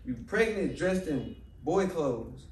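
A man's voice: on the high side, big pitch swings, slow pace, very noisy. Exasperated young man, far off in a roomy room. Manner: exasperated, keeps repeating that she should stop. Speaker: prank target, boyfriend. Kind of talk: casual argument. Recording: roomy room, far mic, chatter behind.

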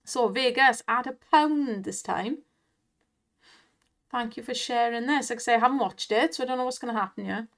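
A woman's voice: a little high, moderate pace, fairly bright tone. A Welsh woman hosting an online slots video, chatting casually and laughing often as she cheers on the spins. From Wales. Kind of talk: casual chat and commentary over gameplay.

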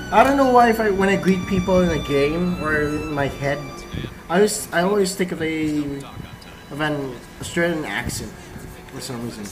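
A let's play host with a fairly high-pitched voice gives casual, playful commentary over game music, musing to himself and reading the game text aloud. The recording is rough.

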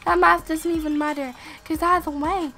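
A sick woman giving excitable let's-play gameplay commentary as a channel host, gasping and exclaiming and talking straight to her viewers. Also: very high-pitched, normal speed, faint music behind. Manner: excitable, gasps and exclaims, addresses viewers directly.

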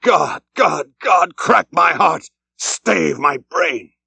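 A man's voice: medium pitch, moderate pace, gravelly, sharp tone, no room sound. A man reading the part of an obsessed old whaling captain, grim and weighty, swinging from bellowed orders to weary murmurs. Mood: brooding.

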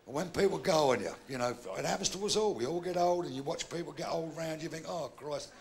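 An older man telling bawdy jokes in live stand-up, with gravelly punchy delivery and shouted punchlines. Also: a little high, fast. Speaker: stand-up comedian. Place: live comedy venue with audience.

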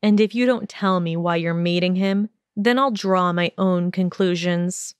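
Arrogant teen wizard boy, low harsh sneer, slow smooth delivery, dry sound, a woman reading him. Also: dry recording, close to an everyday voice. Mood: contemptuous.

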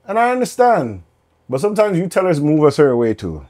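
A man co-hosting a casual podcast chat, telling animated stories of retail customers. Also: a little high, brisk. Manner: animated storyteller who acts out retail customers. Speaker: podcast co-host.

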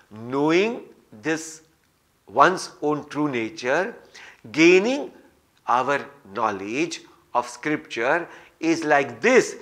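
A man's voice: medium pitch, fairly bright tone. A man giving a scripture lecture, telling stories and repeating phrases for emphasis. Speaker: spiritual teacher.

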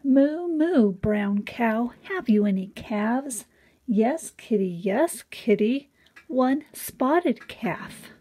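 A woman's voice: fairly high pitch, lively intonation, drawn-out words, warm tone, slightly rough. A woman reading a children's picture book aloud in a sing-song way, lifting her voice on each animal sound.

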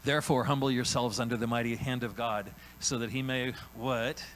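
A man preaching a sermon in a church, animated and conversational, often acting out God's voice and tagging lines with "right?". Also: mid-range voice, normal speed, slight background noise, poor audio. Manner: animated, acts out God's voice in quotes, frequent "right?" tags. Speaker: pastor. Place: church sanctuary.

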